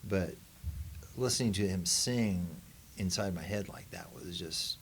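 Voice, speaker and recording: A man's voice: sits low, a little slow, a little hiss or hum. A man, a band member, speaking reflectively in an oral history interview in a museum.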